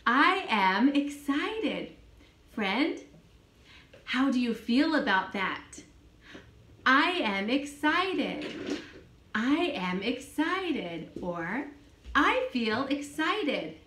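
Slow, patient woman teaching children. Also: high voice, big pitch swings, sharp tone, a little hiss or hum. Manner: slow, patient, repeats each phrase for a child to copy. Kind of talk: children's English lesson. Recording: echoey room.

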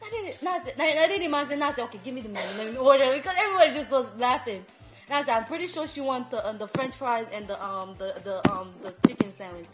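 A woman with a Sierra Leonean Krio-tinged accent telling comic stories in a casual way, animated, laughing often and repeating words as she goes. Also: high-pitched, rapid-fire, over music. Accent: Sierra Leonean Krio-tinged English. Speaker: show host telling stories.

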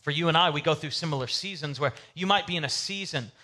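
A male pastor preaching a sermon in a casual, animated storytelling way with comic asides. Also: a little high, quick pace.

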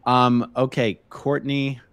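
A man's voice: medium pitch, flat delivery, slow, dry recording. A man co-hosting a casual live stream who reads viewer comments aloud and chats about them over a video call. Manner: chatty, reading comments aloud. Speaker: co-host reading viewer chat.

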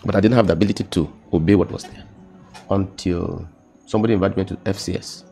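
A young Nigerian man with a Nigerian accent, telling his personal testimony in casual conversation, halting and repeating words, often dropping into quiet emotional tones. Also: sits low, fairly even intonation, gravelly, soft background music.

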